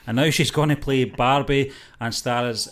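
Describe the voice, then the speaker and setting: A man's voice: medium pitch, fairly even intonation, normal speed, fairly bright tone. A man co-hosting a casual movie news chat, speaking conversationally with frequent fillers and hesitations. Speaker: co-host of a movie news show.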